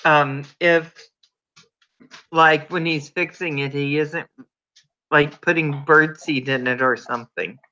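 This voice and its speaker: A man's voice: a little high, fairly even intonation, slow pace, long pauses, pushed and bright, highs cut off. A man hosting a casual livestream chat, reading the chat and reacting with gushing exclamations. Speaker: livestream host.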